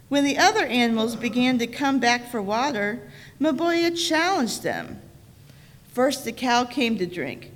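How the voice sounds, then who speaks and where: A woman reading a folk tale aloud during a worship service, in a slow and deliberate way. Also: a little high. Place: church sanctuary. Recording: reverberant church sanctuary.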